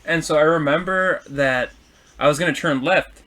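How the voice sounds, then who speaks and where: A man co-hosting a podcast, with a slightly high voice. He tells stories in a casual, profane way and mimics the shouting from the argument. The talk stays loose and animated. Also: normal speed. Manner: profane, animated storytelling, shouts quoted insults. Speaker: podcast co-host. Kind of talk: casual storytelling chat.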